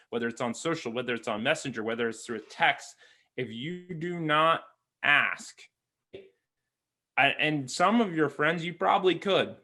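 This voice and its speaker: A man's voice: a little high, bright, forceful tone. A man coaching real estate agents in a conversational way, acting out little dialogues with clients. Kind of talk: sales coaching talk.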